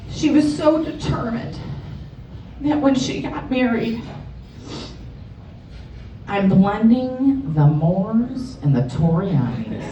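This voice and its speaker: A woman's voice: on the high side, big pitch swings, takes it slowly, long pauses, mellow, lo-fi sound, a little hiss or hum. A woman, giving a profane, funny eulogy for her best friend. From Chicago area. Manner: blunt, profane, joking. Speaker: eulogy speaker. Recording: roomy hall, distant mic, crowd.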